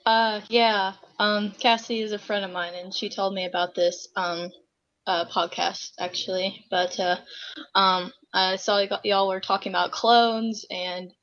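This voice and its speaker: A woman's voice: mid-range voice, level tone, unhurried, fairly bright tone, dull audio. A woman joining a podcast chat as a guest, giggly and hesitant and full of ums.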